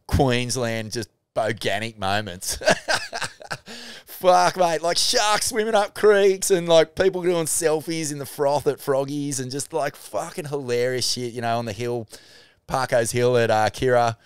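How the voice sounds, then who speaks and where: An Australian man riffing casually on a surf podcast, swearing freely and laid-back in his delivery. His voice is smooth and clear at a middle pitch, recorded close and dry. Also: dry recording. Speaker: podcast co-host. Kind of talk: casual chat.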